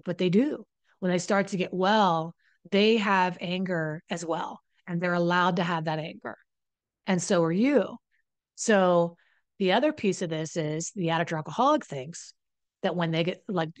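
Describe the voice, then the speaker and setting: A woman coach talks straight to the camera in a fairly low voice, blunt and full of swearing. She keeps acting out what other people say, and the close, dry mic keeps her voice up front with no room sound. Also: no room sound. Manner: blunt and profane, acts out quoted voices. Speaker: relationship recovery coach. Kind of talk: direct-to-camera advice talk.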